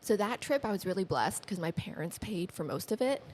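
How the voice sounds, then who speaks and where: A woman guest on a podcast telling personal stories in a chatty, animated way, acting out quoted dialogue with many fillers. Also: fairly quick. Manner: animated, acts out quoted dialogue with lifted pitch. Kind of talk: casual conversational storytelling.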